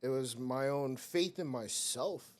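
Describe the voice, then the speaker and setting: A man's voice: mid-range voice, slow pace. A young man talking bluntly and with profanity as a guest on a casual podcast. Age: young adult.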